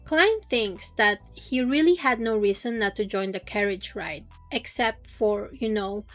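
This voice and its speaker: A woman's voice: mid-range voice, a little slow, a bit bright, faint music behind. A woman casually recapping a novel's chapters in a playful, slangy, joking way. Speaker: book recap youtuber. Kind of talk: casual chatty story recap.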